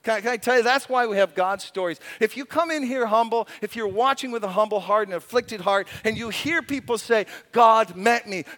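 A man preaching a sermon as pastor, playful and animated, breaking into acted-out voices. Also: very high voice. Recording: reverberant hall.

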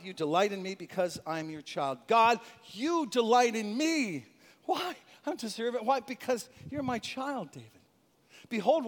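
A man preaching a lively sermon, swinging from loud shouts to hushed, intimate asides. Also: extremely high pitch. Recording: long hall reverb.

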